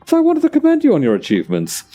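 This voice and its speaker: A man's voice: very high-pitched, wildly swooping pitch, racing, dark tone, faint music behind, pitched above the performer's own voice, full character voice. A man voicing a smug, wealthy male rival club owner in a put-on British accent, haughty and theatrical, for a fan dub of a game. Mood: gloating. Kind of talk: fan voice-over of game dialogue.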